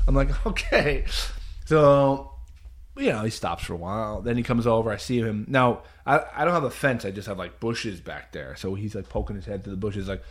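A man in casual chat, telling a story with lots of laughter and quick shifts. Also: medium pitch.

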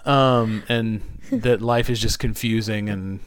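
A man's voice: on the low side, fairly even intonation, takes it slowly. A man co-hosting a casual podcast chat, rambling and playful with silly wordplay asides. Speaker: podcast co-host.

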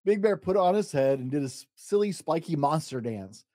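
Dad reading a bedtime story out loud, very expressive, ups and downs, dry close mic. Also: male voice, no echo. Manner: expressive, dramatic pauses, lively pitch. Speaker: storytime podcast host and reader. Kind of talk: bedtime story read-aloud.

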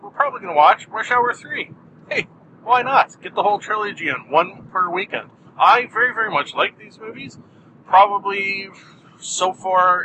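A man hosting a solo podcast, talking in a wry, deadpan, self-mocking way with jumpy, animated delivery. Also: high-pitched, a little hiss or hum, poor audio. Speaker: podcast host.

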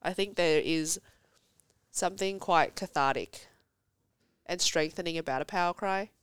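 A woman's voice: lowish voice, normal speed, clean tone, no room sound, studio quality. A woman in her thirties, a podcast guest chatting casually and telling stories with laughter and expression. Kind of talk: casual chat.

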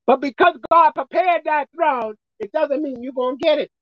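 A woman preacher delivering a folksy, emphatic sermon, swinging between shouting and hushed tones. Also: high-pitched, moderate pace, dry recording, muffled recording. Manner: folksy, colloquial.

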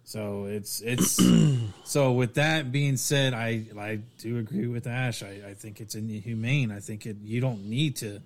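A man in casual podcast chat, rambling through a story and acting out the quotes in it. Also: a little slow. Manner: rambling storyteller, acts out quotes with raised pitch.

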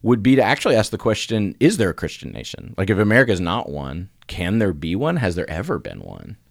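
A low-pitched man in middle age, co-hosting a relaxed church podcast. His delivery is lively and wide-ranging as he tells stories and laughs often. The sound is dry and close. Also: fast talker, creaky, dry recording. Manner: animated storyteller, laughing often, voice jumping high when acting out quotes. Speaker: podcast co-host. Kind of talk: casual church podcast chat.

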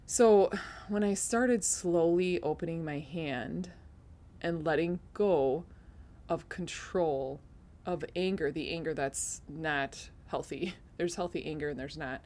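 Low-voiced woman, emotional faith testimony. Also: takes it slowly, darkish tone. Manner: earnest and emotional, laughs at herself. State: teary-eyed. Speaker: podcast host.

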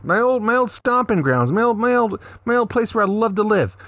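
High-voiced man reading news, dry mic. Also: very animated, fairly quick, a bit bright, no echo. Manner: stumbling, self-correcting reading, sarcastic jokes. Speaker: podcast co-host.

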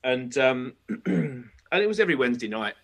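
A middle-aged man, a guest musician, telling a story in casual podcast chat with animated restarts. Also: medium pitch, moderate pace.

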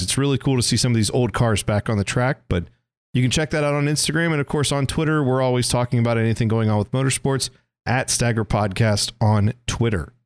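A man in his thirties hosting a casual podcast from a basement, chatty and joking. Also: medium pitch. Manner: chatty, joking, quick asides. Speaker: podcast host.

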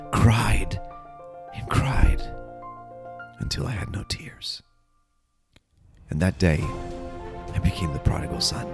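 A middle-aged man, a pastor and podcast host, earnestly telling his personal testimony with dramatic pauses. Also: low-pitched.

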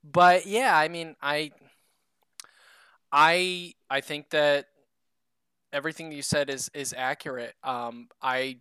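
A man's voice: fairly high pitch, steady tone, slow, pauses often, sharp tone, clear, resonant tone, no room sound. A man co-hosting a casual podcast chat. He rambles a little, swears casually and makes fun of himself. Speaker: podcast co-host.

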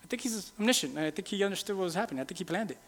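A male pastor preaching a sermon in a casual, animated way, firing rhetorical questions at the congregation. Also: high-pitched, racing. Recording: long reverb in a large hall.

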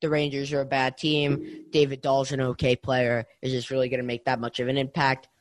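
A man's voice: medium pitch, monotone, fairly quick, dry recording. A young man co-hosting a casual sports podcast, ranting with heat and repeating himself. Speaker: podcast co-host.

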